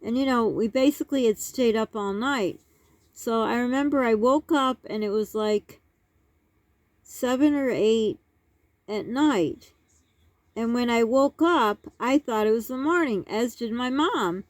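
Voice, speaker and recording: A woman's voice: a little high, unhurried, dry recording. A woman in her sixties telling a childhood story in a rambling vlog, with many asides and restarts. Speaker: vlogger.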